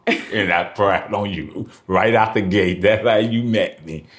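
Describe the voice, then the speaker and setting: A middle-aged man from Oakland, California, chatting casually as a podcast guest, boastful and quick to laugh. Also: lowish voice. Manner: boastful, laughing, colloquial street talk. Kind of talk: casual chat.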